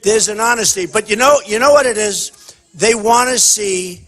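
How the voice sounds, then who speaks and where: Husky, boastful man in a rambling speech. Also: sits high, moderate pace, a bit bright, faint music behind. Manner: boastful, rambling, repeats himself. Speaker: political candidate at a town hall. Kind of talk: off-the-cuff campaign speech.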